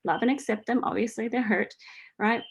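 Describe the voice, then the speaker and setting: A woman's voice: on the high side, normal speed, creaky, breathy edge. A woman in her forties giving casual spiritual coaching advice, chatty, asking "right?" again and again and laughing lightly. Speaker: host answering a listener's question.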